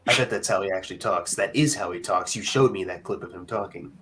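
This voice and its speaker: A man's voice: sits low, fast, fairly bright tone, slight background noise, poor audio. A young man in casual film chat as co-host, rambling with many fillers and restarts.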